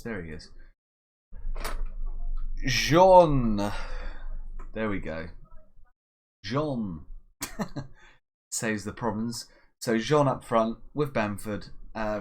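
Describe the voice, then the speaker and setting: A man hosting a casual gaming video, talking through his tactics and commentating on the match, breaking into excited shouts when his side scores. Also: medium pitch. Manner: chatty, bursts into excited shouts at goals. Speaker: gaming channel host. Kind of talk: casual Let's Play commentary.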